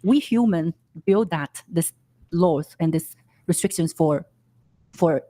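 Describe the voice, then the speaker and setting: A woman guest on a podcast, defending herself in halting, broken English and repeating words. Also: on the low side, mellow. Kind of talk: defensive casual talk.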